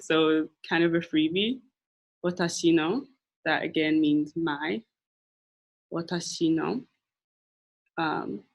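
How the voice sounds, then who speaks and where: A young woman presenting a classroom lesson, speaking patiently and repeating phrases slowly for learners. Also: on the low side. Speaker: language and culture presenter. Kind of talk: classroom teaching.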